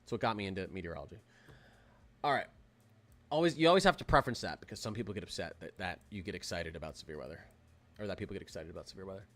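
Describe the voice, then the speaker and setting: A young man hosting a live weather stream, talking in an excitable, rambling way with lots of fillers and restarts. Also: low-pitched, very fast. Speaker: weather livestream host. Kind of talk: casual livestream commentary.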